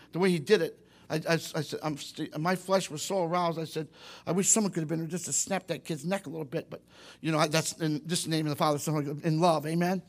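A man preaching a sermon, rambling with many restarts and calls for amen. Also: on the high side.

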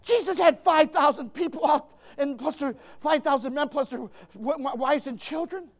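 Fiery high-voiced male preacher. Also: moderate pace. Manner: impassioned, emphatic, swings between hushed and shouting, calls out to listeners; stammering restarts. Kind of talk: fervent sermon.

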